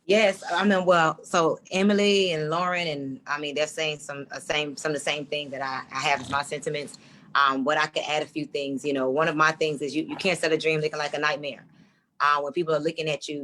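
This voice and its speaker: A woman's voice: sits low, bright, forceful tone. A woman giving earnest advice as a panelist.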